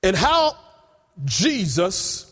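A man preaches a sermon in a high, husky voice, retelling scripture with emphatic, drawn-out quotes. The sound rings with long reverb from a large hall. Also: very animated, a bit bright.

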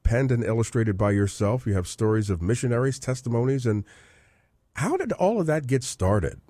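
A man hosting a faith music radio show, interviewing a guest in an upbeat, lively way. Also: mid-range voice, normal speed, no echo, clean studio sound. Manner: upbeat, lively questioning with laughs. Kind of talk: interview chat.

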